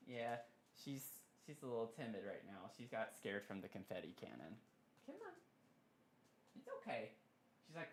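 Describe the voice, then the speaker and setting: A man streaming casually at his desk mic, excitable and giggly, cooing softly to his pet between thanks to viewers. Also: on the low side, a little slow, long pauses. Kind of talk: casual live-stream chat. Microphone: desk microphone.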